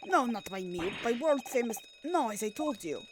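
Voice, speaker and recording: A woman voicing a burly, gruff male sailor, with clipped, broken grammar and game music underneath. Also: a little high, lively intonation, normal speed, background noise, pitched above the performer's own voice, close to an everyday voice.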